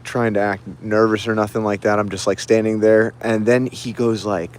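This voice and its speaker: A livestream host out on a city street rambles through a story, excited and casual, leaning heavily on fillers. He talks at normal speed in a fairly low-pitched voice.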